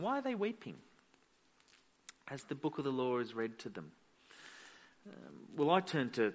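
A man's voice: mid-range voice, fairly bright tone. A man preaching a sermon as pastor, emphatic and repeating phrases for weight.

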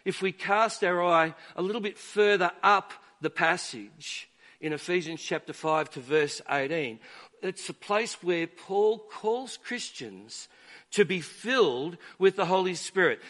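A man preaching a sermon to a church, measured and emphatic, with deliberate pauses. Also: sits high, expressive, a bit bright. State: dry throat.

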